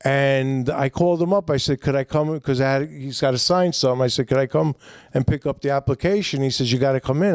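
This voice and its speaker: A middle-aged man with a New York accent, a comedian guest telling a long story in a rambling, animated way with lots of fillers. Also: mid-range voice, no room sound, studio quality. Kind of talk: casual storytelling.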